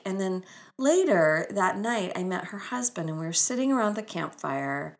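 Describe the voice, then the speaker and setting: A woman's voice: lowish voice, expressive, normal speed. A woman author telling personal stories in an earnest, spiritual, inspirational way, with gushing exclamations. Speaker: author and speaker.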